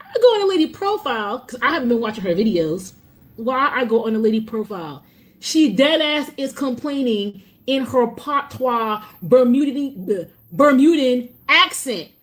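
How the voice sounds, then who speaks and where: A woman's voice: on the high side, lively intonation, unhurried. A woman venting in a reaction clip, exasperated and swearing often.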